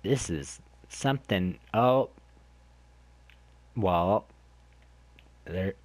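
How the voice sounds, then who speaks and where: A man hosting a let's play, chatting to viewers in a rambling way and exclaiming loudly when something surprises him. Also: on the low side, animated, moderate pace, no echo. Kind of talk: gameplay commentary.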